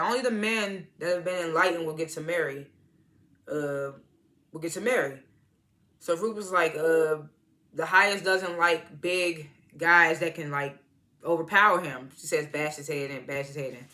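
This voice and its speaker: A woman's voice: lowish voice, pushed and bright. A woman chatting through a recap of a TV episode, retelling the scenes in quoted voices and laughing often. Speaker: TV show reviewer. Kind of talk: casual recap and review.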